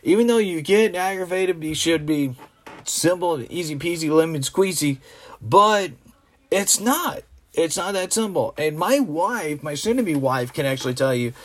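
A man talking on his own channel in a loose, rambling commentary. His voice sits somewhat high, and he sounds exasperated and opinionated as he trips over restarts. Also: expressive, measured pace. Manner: rambling, full of restarts and fillers. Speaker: vlogger.

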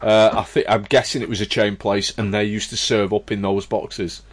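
A man's voice: fairly low pitch, little pitch movement, normal speed, husky, no room sound. A man, in casual podcast chat, easygoing and prone to repeating himself. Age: 40s.

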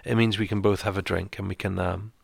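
A man with a low, gravelly voice tells a rambling story on a radio show, chuckling at himself as he goes. The sound is dry and close, with no room around it. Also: level tone, fast talker, no echo. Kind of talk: casual radio chat.

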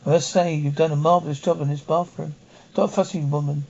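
An actor playing an affectionate, teasing young husband and photographer in an old television drama, speaking in a fond, coaxing way. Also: male voice, on the high side, steady tone, a little fast, vocal fry, darkish tone. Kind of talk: 1970s television drama acting. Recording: dull old television soundtrack.

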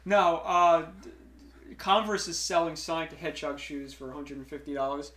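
Podcast host, male, chatty and rambling, slightly high voice, echoey room. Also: little pitch movement, normal speed, fairly bright tone. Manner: rambling, lots of fillers and restarts. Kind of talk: casual chat. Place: room streamed live.

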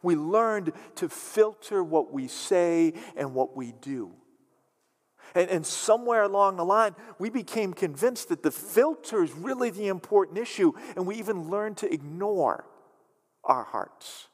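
A male pastor preaches with emphasis, repeating his key phrases and stretching some words out slowly. His voice sits high and swings widely in pitch, and it carries the long reverb of a large church hall. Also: animated. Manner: emphatic, repeats phrases, shifts between quick and slow drawn-out words. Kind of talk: sermon.

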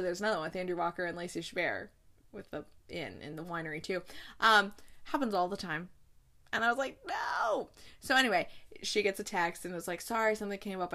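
A young woman casually recapping a movie plot, acting out the characters' lines and laughing often. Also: fairly low pitch. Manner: animated storytelling, acts out lines, laughs often. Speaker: podcast host reviewing holiday movies.

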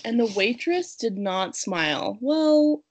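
A woman's voice: on the high side, expressive, takes it slowly, a little mellow, slight background noise. Chatty woman reading reviews aloud. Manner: reads reviews aloud, laughing often. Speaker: podcast co-host reading reviews. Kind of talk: casual chat.

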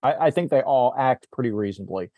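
A man hosting a casual movie podcast, retelling scenes in a rambling way with many restarts and quick put-on quotes of the characters. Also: mid-range voice, expressive, warm tone, dry recording, clean studio sound. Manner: rambling recap, acts out character lines, frequent restarts. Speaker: podcast host.

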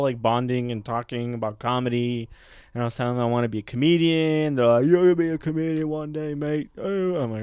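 Smooth-voiced man telling a story. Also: mid-range voice, dry recording, studio quality. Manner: animated storyteller, acts out voices, laughs often. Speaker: podcast co-host. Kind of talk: casual storytelling chat.

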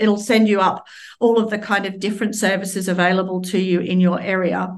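A woman with an Australian accent, a charity representative answering interview questions in an earnest, explanatory way with frequent restarts. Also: medium pitch.

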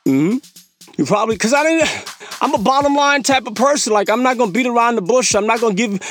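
Speaking in a very high, expressive voice with a fairly bright tone, this podcast host talks fast over soft background music. His casual storytelling monologue is full of slang, reenactments of his own past remarks, and laughter at his own expense.

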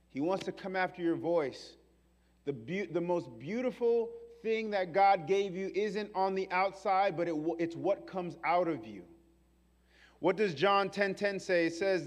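A high-voiced man from New York preaches with animated, fervent energy, slipping into the voices of the people he quotes. His voice carries the long reverb of a large hall. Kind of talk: sermon.

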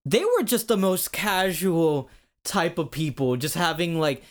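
A young man co-hosting a casual podcast, talking excitedly and rambling, with frequent swearing. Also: a little high, a little slow. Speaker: podcast co-host. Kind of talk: casual chat.

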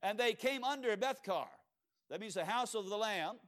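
A man's voice: sits high, lively intonation, normal speed, fairly bright tone. A man with a Cajun accent preaching a sermon, telling homespun stories and asking the congregation rhetorical questions, with frequent fillers and restarts. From Louisiana.

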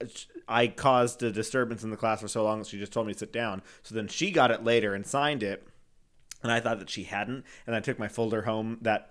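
A young man co-hosting a podcast in casual chat, telling childhood stories with frequent laughter and high-pitched acted-out quotes. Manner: animated storyteller, laughs often, acts out quotes in high voices. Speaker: podcast co-host.

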